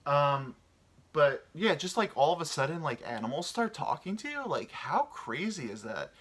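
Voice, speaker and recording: A man in his thirties talks on his own in a loose, meandering way and swears freely. He is short on sleep. His voice is bright and a little tense, and his pitch jumps around with lively swings. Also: normal speed, slightly rough. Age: 30s. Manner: meandering, swears casually, muses aloud. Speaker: podcast host. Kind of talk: rambling solo chat.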